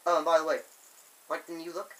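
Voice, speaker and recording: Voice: mid-range voice, little pitch movement, a little fast, rough recording. Rambling fan reviewer. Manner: enthusiastic, chatty, with many fillers. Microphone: camera on a tripod.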